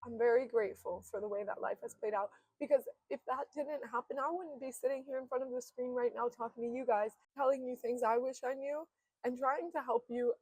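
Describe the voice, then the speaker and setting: A young woman in her twenties talks straight to the camera in a candid, heartfelt monologue, her voice a touch high and very dry, with the room barely there. She speaks earnestly and drops the odd casual swear, sometimes close to tears. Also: steady tone, a little fast, darkish tone, slightly rough, dry recording, rough recording. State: emotional, near tears at times. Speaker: self-help vlogger. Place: indoors, seated in front of a camera.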